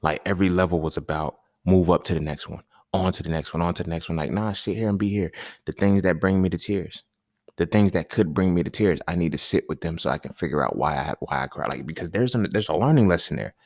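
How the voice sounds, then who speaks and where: A man's voice: low voice, fast, darkish tone, no echo, studio quality. A man hosting a podcast, talking in a casual, emphatic monologue full of slang and repeated points. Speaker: podcast host.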